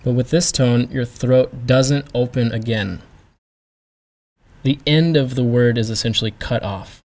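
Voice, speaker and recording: A man talking slowly and patiently as he teaches pronunciation. His voice sits at an ordinary pitch. He models each sound with careful, deliberate delivery. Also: a little mellow. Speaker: language teacher. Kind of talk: pronunciation lesson.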